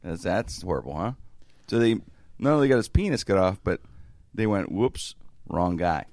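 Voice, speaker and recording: Podcast host guy, gravelly voice, rambly chatty storytelling, dry close sound. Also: lowish voice, sing-song, fairly quick, darkish tone, dry recording. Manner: rambling, with many restarts and chuckles. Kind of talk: casual banter.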